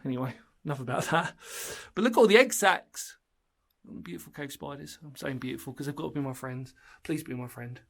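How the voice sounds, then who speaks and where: A somewhat high, animated male voice with vocal fry and a slightly bright tone, moving a little fast. It's a casual solo exploring vlog, and he's alone inside a small underground brick bunker in the woods, talking excitedly and loosely to his channel audience.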